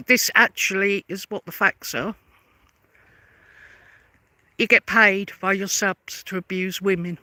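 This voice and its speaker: Sharp and tense in a mid-range voice, a London vlogger rants straight to camera at her detractors, combative and sarcastic, asking the same pointed questions again and again. The recording is dry and close, with no room sound.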